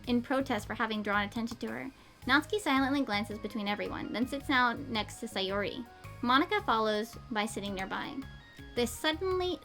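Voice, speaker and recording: Giggly high-voiced woman streamer narrating. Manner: giggly, lively narration with stumbles. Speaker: streamer reading a visual novel. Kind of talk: reading a fan story aloud.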